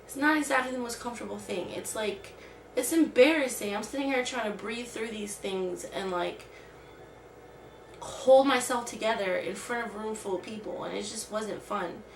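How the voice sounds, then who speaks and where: A woman's voice: on the high side, moderate pace, creaky, a little hiss or hum. A woman vlogger telling a personal story in casual, rambling talk full of "like". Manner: rambling, heavy use of "like". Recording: roomy sound from a distant mic.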